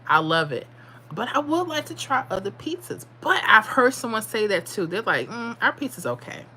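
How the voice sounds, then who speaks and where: A woman's voice: medium pitch, very animated, normal speed, sharp tone, a little hiss or hum. A woman in her forties from the South Bronx with a New York accent, chatting casually on her livestream, sassy and laughing often. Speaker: livestream host. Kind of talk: casual livestream chat reading comments.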